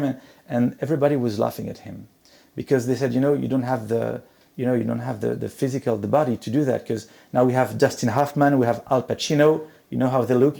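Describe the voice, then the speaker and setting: A middle-aged man speaks at a conference, telling his points in a halting way full of repeats and restarts. His voice is gravelly and dark, and his pitch sits in a middle range. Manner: hesitant, many repeated words and restarts. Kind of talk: motivational conference talk.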